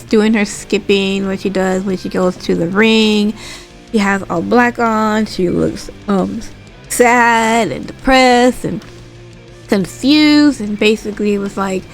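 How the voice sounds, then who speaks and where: A woman's voice: a little slow, faint music behind. A woman casually recapping a wrestling show in a vlog, chatty and full of fillers. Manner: animated retelling, acts out quotes in a higher voice; chatty with frequent fillers and asides.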